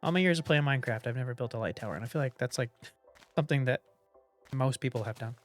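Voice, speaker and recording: Man, gameplay commentary, rambling, thinking aloud, average pitch, faint music behind. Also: quick pace. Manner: rambling, thinks aloud while building, hums doop sounds.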